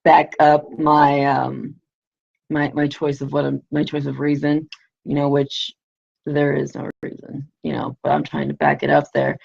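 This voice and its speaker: A woman's voice: sits low, completely flat delivery, a little slow, vocal fry, darkish tone, husky. A woman telling a story casually on a livestream, rambling and peppering it with "you know", "like" and the odd swear. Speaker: livestream host. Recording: lo-fi livestream audio.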